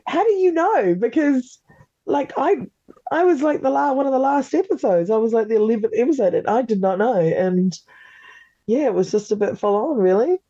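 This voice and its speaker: Animated, laughing Australian woman, muffled audio. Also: a little high, normal speed, no room sound. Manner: animated, swears freely, laughs often, acts out quotes. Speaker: podcast guest, former reality show contestant. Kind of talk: casual interview chat.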